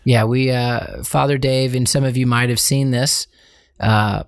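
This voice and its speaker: Gravelly-voiced man co-hosting a podcast, playful and punning, middle pitch, chatty read of an ad. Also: fairly even intonation. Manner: joking, playful, quick to pun. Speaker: podcast co-host. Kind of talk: casual chat with read-out ad.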